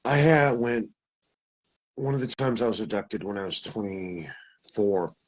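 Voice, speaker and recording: A man who is a guest telling a personal story, animated and acting out the dialogue. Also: fairly low pitch, a little slow, slightly rough.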